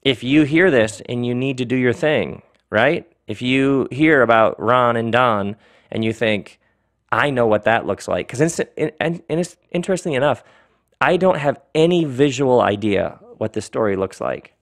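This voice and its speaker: A man's voice: mid-range voice, moderate pace. Playful male podcast host. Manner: animated, joking, laughs often. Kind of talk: playful monologue and reading aloud.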